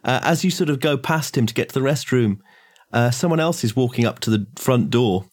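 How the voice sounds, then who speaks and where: Game master, man, hesitant narration, animated pitch. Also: brisk. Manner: hesitant narration with fillers and laughs. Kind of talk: narrating a tabletop horror game.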